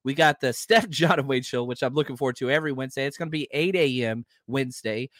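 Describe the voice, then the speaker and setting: A man's voice: fast, dry recording, studio quality. Fired-up man ranting on a podcast. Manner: heated, profane, swings between loud outbursts and low asides. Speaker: podcast host. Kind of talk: casual sports podcast rant.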